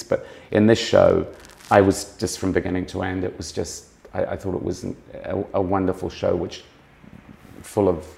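Deep gravelly-voiced male fashion critic. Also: level tone, moderate pace, a little mellow. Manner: musing, circling back to rephrase his points. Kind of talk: conversational interview.

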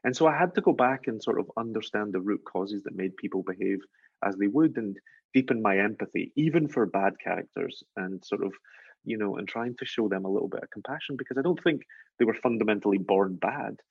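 A man with a Glaswegian accent, an author guest speaking in a thoughtful, earnest, measured way. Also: on the low side, expressive, gravelly, husky, dry recording, highs cut off. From Scotland. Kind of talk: reflective interview talk.

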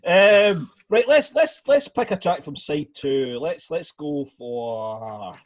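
Husky man hosting a podcast. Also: a little high, expressive, no room sound. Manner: rambling, halting, lots of fillers and swearing. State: a bit tipsy after two beers. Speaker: podcast host. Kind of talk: casual music podcast chat.

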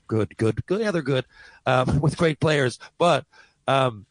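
Man, radio co-host, mid-range voice, chatty and quick, dry studio mic. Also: mid-range voice, lively intonation, dry recording, rough recording. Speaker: sports radio co-host and actor. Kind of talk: casual sports talk.

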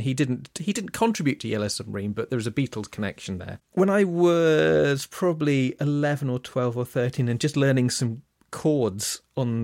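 A man's voice: mid-range voice, creaky, a little mellow, no room sound, studio quality. A man in his forties, a podcast co-host, chatting casually and correcting himself as he goes. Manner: rambling, self-correcting storytelling. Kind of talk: casual chat.

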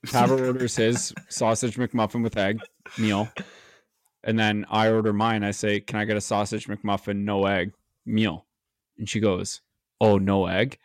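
A man's voice: on the low side, level tone, measured pace, no echo, clean studio sound. A man co-hosting a podcast, telling a story in casual chat with an exasperated, laughing manner. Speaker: podcast co-host.

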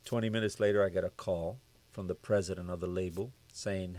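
A man's voice: low-pitched, fairly quick. A man, a music producer, telling stories in an interview and acting out the dialogue of the people in them. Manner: animated storyteller who acts out quoted dialogue. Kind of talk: storytelling interview chat.

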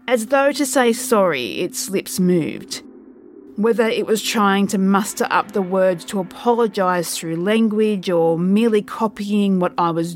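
Lady telling a creepy story real slow, calm and measured, bit of background noise. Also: medium pitch. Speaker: narrator. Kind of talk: first-person horror story narration.

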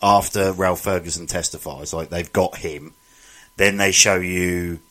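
A man's voice: deep voice, steady tone, a little slow, pushed and bright. A man casually recapping a film, retelling scenes and acting out the characters' lines.

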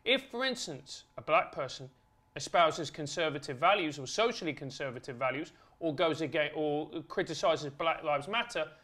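A man talking as a podcast guest, earnest, building his points in steady repeated lists. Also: fairly high pitch, normal speed. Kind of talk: conversational argument.

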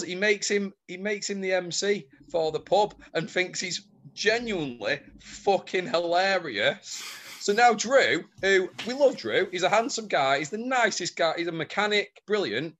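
A man's voice: high voice, expressive, moderate pace, a bit bright, slight background noise. A man co-hosting a casual chat show, dropping dry, wry comments. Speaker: podcast co-host.

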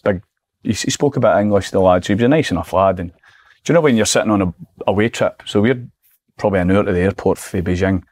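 Scottish guy in his 40s, lowish voice, spinning stories on a podcast, dry sound. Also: fast talker, no echo. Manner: lively anecdotal storyteller. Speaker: guest, former footballer and manager. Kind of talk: casual podcast chat.

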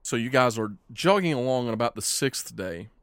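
A man narrating a tabletop game podcast as game master, relaxed and rambling. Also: mid-range voice, brisk, dry recording, studio quality. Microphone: podcast mic.

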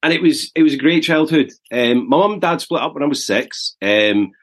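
A Scottish man in his forties with a soft Glasgow accent, telling his life story in a podcast conversation, earnest and halting as he restarts and repeats words. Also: a little high, animated. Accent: Glaswegian Scottish. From Scotland. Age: 40s. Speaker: podcast guest.

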